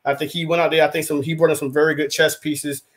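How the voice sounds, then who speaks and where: A man's voice: on the high side, fast. A man co-hosting a casual sports talk show, rambling and acting out quotes as he goes. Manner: rambling, animated, acts out quotes. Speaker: podcast co-host, rival team's fan.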